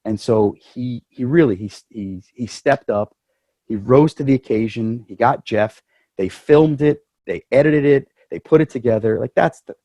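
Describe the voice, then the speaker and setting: A man's voice: mid-range voice, normal speed, dark tone, no room sound. A man speaking as club president, addressing the members over a video call in a chatty, joking way.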